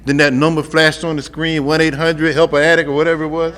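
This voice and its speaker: A middle-aged man recounts his recovery to a crowd, fast and flat, his voice a little high. Though his delivery is flat, he's conversational and funny, addressing listeners directly, and the room gives long hall reverb with faint ambient noise.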